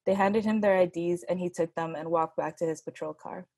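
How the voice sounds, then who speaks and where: A woman reading her own short story aloud in a plain, steady way. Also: lowish voice, a little fast, few pauses, slightly rough, no echo. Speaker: workshop writer.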